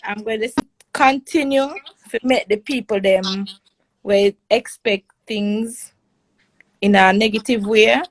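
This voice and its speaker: A woman calling into a live chat, speaking earnestly with halting restarts. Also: medium pitch, steady tone, no echo, poor audio. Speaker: caller.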